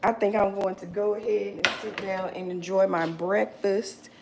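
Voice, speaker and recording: A woman's voice: medium pitch, level tone, moderate pace, creaky, darkish tone, slight background noise. A woman in her forties hosting a casual live chat, who laughs often and answers viewers by name. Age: 40s.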